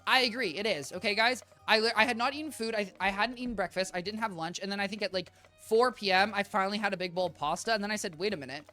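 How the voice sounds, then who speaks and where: Rambling, bright-voiced game streamer. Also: mid-range voice, fast talker, few pauses, faint music behind. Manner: chatty, rambling, addresses chat as guys. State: worn-out voice. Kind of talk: live-stream chat while playing.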